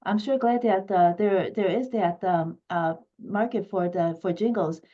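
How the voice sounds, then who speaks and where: A woman hosting a radio interview, halting and full of fillers. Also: medium pitch. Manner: halting, many fillers and restarts. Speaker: radio host. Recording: muffled lo-fi line.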